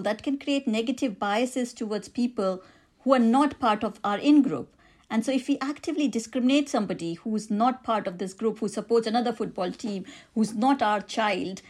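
A woman's voice: on the high side, darkish tone. Reflective woman with an Indian accent. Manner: reflective, laughs easily, frequent restarts. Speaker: author interviewed about her book. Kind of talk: thoughtful interview answers.

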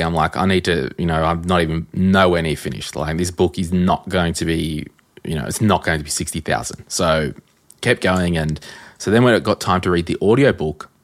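An Australian man hosting a podcast, telling stories in a casual, animated way and acting out conversations. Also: low-pitched. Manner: animated storyteller, acts out quoted exchanges. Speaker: podcast host. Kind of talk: casual chat.

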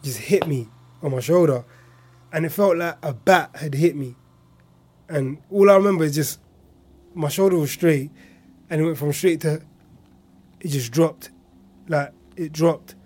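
Soft-spoken East London man, mellow tone. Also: on the high side, a little slow, long pauses, breathy edge. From Hackney, East London. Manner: quiet, reflective, often trailing off softly. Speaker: interviewee. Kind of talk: personal storytelling.

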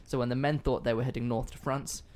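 A man's voice: mid-range voice, fairly even intonation, fast, a little mellow. A man hosting a casual history podcast, telling the story in a loose, sweary, joking way. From not American. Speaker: podcast host.

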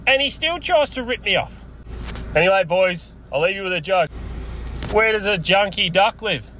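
A man's voice: sits high, lively intonation, moderate pace, sharp tone, slight background noise. An Australian man telling a crude, laughing yarn in a voice message, recorded outdoors on a phone. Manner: crude, laughing storyteller, puts on voices for others. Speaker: caller telling a story.

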